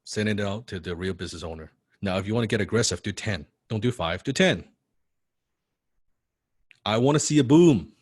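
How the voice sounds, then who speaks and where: A man with a non-native English accent, coaching students in a blunt, forceful, profane and repetitive way. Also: lowish voice, lively intonation, moderate pace, long pauses, husky, dry recording, studio quality. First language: not English. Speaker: copywriting coach. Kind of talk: motivational coaching talk.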